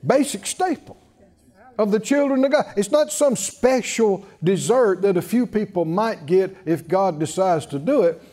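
A man's voice: high voice, animated, a little slow, dark tone. A man preaching a sermon, emphatic and drawing call-and-response from the congregation, with chuckling asides.

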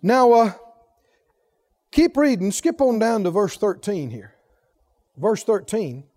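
A man preaching a sermon, emphatic and full of rhetorical questions to the congregation, swinging from soft low asides to loud exhortation. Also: big pitch swings, slow.

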